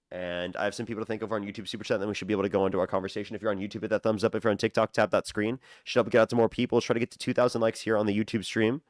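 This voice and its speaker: A young man hosting a live debate stream, talking casually and thanking donors in a quick, repetitive run. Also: fairly low pitch, dry recording, clean studio sound. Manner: rapid-fire, repetitive thank-yous to donors. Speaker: livestream debate host. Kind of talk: casual livestream talk.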